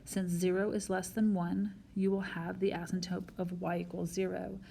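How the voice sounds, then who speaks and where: A woman's voice: lowish voice, level tone, normal speed, creaky, dark tone, slight background noise. A woman math teacher recording a whiteboard lesson, explaining each step patiently and talking straight to her students.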